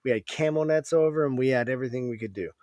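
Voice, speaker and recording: A man's voice: mid-range voice, quick pace, darkish tone, dry recording, studio quality. A man, an Army veteran guest, telling war stories in casual podcast chat in a laid-back, profane way.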